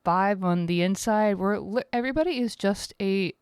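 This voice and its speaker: A woman's voice: mid-range voice, moderate pace, clean tone, no room sound, clean studio sound. A woman in her thirties hosting a casual solo podcast from home, tired, rambling and candid, swearing freely. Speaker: podcast host.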